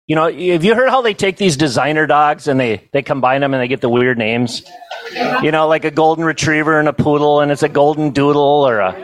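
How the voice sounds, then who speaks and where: A middle-aged man telling funny stories at a banquet, in a folksy, self-amused way with quick asides to the crowd. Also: on the high side, poor audio. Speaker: banquet storyteller and comedian. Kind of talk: humorous storytelling to a live audience.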